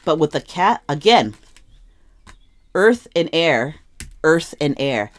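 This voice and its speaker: A woman's voice: low voice, very animated, takes it slowly. A young woman reading tarot cards to camera, sometimes muttering to herself, sometimes urging her listeners with strong emotion. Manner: emphatic, emotional, swings from muttering to impassioned urging. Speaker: tarot reader.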